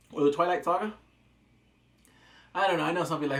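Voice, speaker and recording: A man's voice: fairly high pitch, fast talker, pauses often, fairly bright tone. A man reviewing a TV episode in a casual, rambling, jokey recap chat. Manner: rambling, jokey, acts out quotes. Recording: roomy echo.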